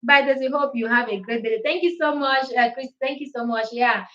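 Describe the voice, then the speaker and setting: A woman's voice: sits high, brisk, fairly bright tone, reverberant, highs cut off. A Nigerian woman whose first language is Igbo, hosting a casual live-stream chat and mixing English, Pidgin and Italian in a chatty way.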